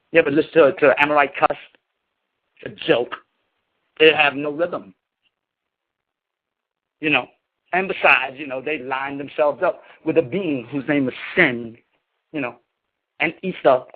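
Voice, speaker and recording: A man preaching to his followers in an emphatic, scolding manner, slangy and salted with cursing. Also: mid-range voice. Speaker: spiritual leader. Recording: tinny phone-like sound.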